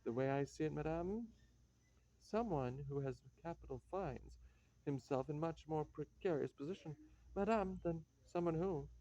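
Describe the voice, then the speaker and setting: A man's voice: on the high side, mellow, no echo, highs cut off, lightly acted. A man playing a pompous, long-winded guest. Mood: lecturing. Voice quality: pompous, halting. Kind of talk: radio play acting.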